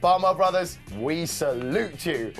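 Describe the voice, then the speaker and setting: A man's voice: fairly high pitch, expressive, measured pace, a bit bright, soft background music. A young man presenting children's TV, mock-serious and dry in comic banter.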